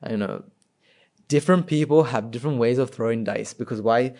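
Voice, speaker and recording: A man's voice: mid-range voice, fairly quick, creaky, a little mellow. A man with a mid-range voice giving an informal talk. He keeps asking his listeners rhetorical questions and answers them himself. He often stumbles and restarts his sentences. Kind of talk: informal spoken talk to an audience.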